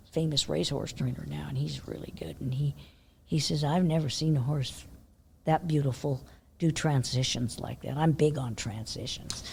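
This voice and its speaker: With a deep, gravelly voice and slight background noise behind her, an older horse trainer recounts horse-show stories as a guest in a casual interview. She's animated and laughs a lot, going hushed whenever she quotes herself.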